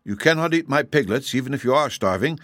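A man voicing a kindly little male wizard who admits to being a humbug, explaining things gently in an audiobook reading. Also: medium pitch, animated, brisk, dry recording, clean studio sound, close to an everyday voice.

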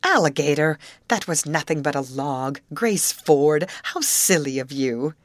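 Woman reading a steady, capable young girl. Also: deep voice, normal speed, dry recording. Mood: brisk. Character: calm, capable girl steering the boat.

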